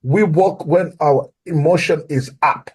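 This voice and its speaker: A man's voice: on the high side, unhurried, darkish tone, husky. Earnest man with an African accent. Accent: non-native English. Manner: earnest, repeats key phrases for emphasis. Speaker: guest. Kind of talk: sales coaching talk.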